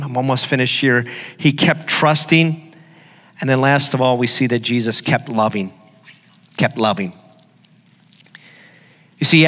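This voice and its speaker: A man's voice: on the high side, sharp tone. A middle-aged man preaching a sermon as pastor, telling stories with emphatic repetition. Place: church hall. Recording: long hall reverb.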